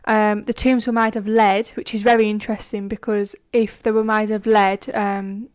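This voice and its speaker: A woman's voice: mid-range voice, flat delivery, normal speed, clear, resonant tone. A woman co-hosting a podcast, chatting casually with many fillers, laughs and the odd swear word. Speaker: podcast co-host. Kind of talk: casual chat.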